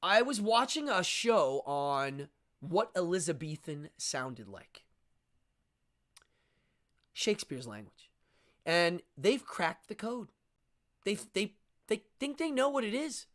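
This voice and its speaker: Middle-aged male livestream host, lively sing-song delivery, rambling and chatty, talks straight to his viewers. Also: sits high, takes it slowly, pauses often. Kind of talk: casual livestream chat with viewers.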